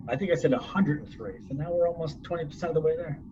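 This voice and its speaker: A middle-aged man co-hosting a podcast from his laptop, tossing out dry quick one-liners in casual chat. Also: a little high, fairly even intonation. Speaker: podcast co-host. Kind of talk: casual chat over a video call. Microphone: laptop mic on a video call. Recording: dull lo-fi call audio with faint noise.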